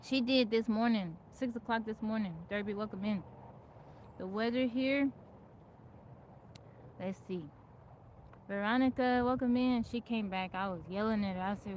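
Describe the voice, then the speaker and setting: A woman's voice: medium pitch, darkish tone, a little hiss or hum, rough recording. A woman hosting a casual live stream, chatting and greeting viewers by name from her home in the woods. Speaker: livestream host.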